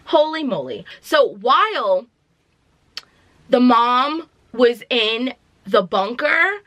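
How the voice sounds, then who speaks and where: A young woman vlogger giving a casual movie review, retelling the plot in an animated, dramatic way with slangy asides. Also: fairly high pitch, slow pace, no room sound.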